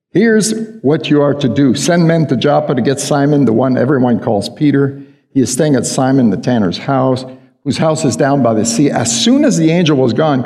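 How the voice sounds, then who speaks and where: With a long hall reverb on the recording, a pastor preaches in a slightly high, mildly mellow voice. He talks to the congregation conversationally and keeps asking them questions.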